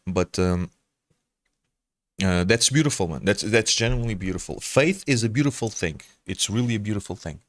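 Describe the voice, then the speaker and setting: A man's voice: lowish voice, expressive, moderate pace, no echo. A man from Portugal with a mixed Portuguese accent, a game streamer chatting casually with viewers, hesitant, stammering and restarting, calling people brother. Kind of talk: casual chat answering viewers.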